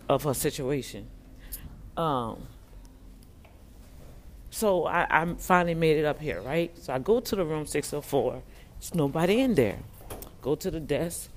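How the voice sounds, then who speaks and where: A man who prays for the sick, telling viewers a story in a casual, animated way and often calling them y'all. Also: a little high, slight background noise. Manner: animated, addresses listeners as y'all. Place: hospital waiting area.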